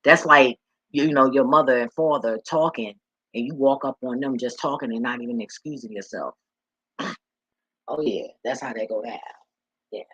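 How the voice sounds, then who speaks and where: A man's voice: mid-range voice, moderate pace, pauses often, sharp tone, husky, no room sound, muffled recording. A man talking casually in a vlog, rambling and profane as he tells stories and laughs along the way. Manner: loose, profane, laughing storyteller. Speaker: vlogger and delivery driver.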